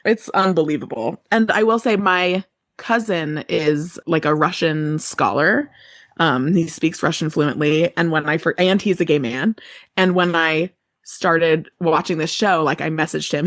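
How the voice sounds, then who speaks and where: A woman's voice: deep voice, measured pace, a bit bright, no echo, studio quality. A woman cohosting a podcast, chatting casually with lots of ums and likes. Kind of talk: casual chat.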